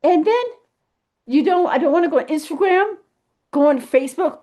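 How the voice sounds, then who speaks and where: A woman talking casually to camera in an animated, emphatic way, thinking aloud and restarting her sentences as she goes. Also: sits high, moderate pace, pauses often. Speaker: vlogger. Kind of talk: casual rambling monologue.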